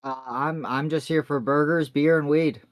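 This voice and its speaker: Brief: male tabletop player, loose and jokey, slightly high, dry close sound. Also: fairly even intonation, moderate pace, no room sound. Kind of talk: tabletop game play.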